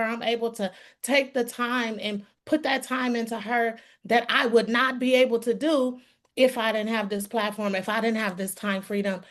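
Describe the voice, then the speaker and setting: A middle-aged woman giving a heartfelt testimonial to a team call, addressing listeners as "y'all.". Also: fairly high pitch. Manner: earnest, calls listeners y'all.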